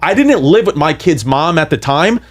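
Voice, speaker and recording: A man, telling a wild story on a podcast in an animated, profane way. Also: fairly high pitch, moderate pace. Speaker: comedian guest.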